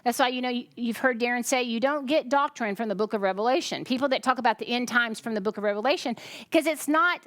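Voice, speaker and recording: A woman's voice: a little high, quick pace, a bit bright, no room sound. A tired woman preaching a chatty sermon, often breaking off to ask the congregation questions. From United States. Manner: chatty, self-interrupting, asks the congregation questions. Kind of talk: conversational sermon.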